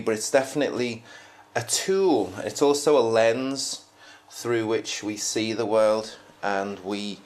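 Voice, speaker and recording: A man talking in a casual, reflective monologue, rambling with frequent restarts as a podcast host. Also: fairly low pitch. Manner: rambling, many restarts and fillers, musing.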